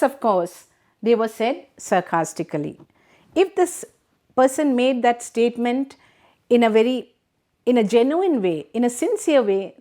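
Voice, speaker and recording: A woman's voice: on the high side, a little mellow. A middle-aged woman with an Indian English accent, teaching a class by reading a text and explaining it patiently, asking rhetorical questions.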